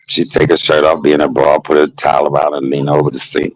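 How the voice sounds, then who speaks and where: A man streaming a casual storytelling monologue, animated and laughing, shifting between jokes and heartfelt moments. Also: very deep voice, fast, hardly any pauses, rough recording.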